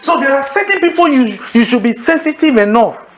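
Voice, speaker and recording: A man preaching a sermon in a lively, animated way, calling out questions for the congregation to answer. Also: extremely high pitch, brisk, reverberant. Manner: animated, calls for congregation responses.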